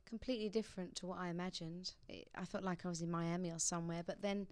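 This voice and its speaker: Chatty young woman, smooth and dry. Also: lowish voice, fairly even intonation, quick pace, no echo. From England. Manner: chatty, laughs often, with restarts. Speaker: interview guest, singer. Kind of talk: casual radio interview. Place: radio studio.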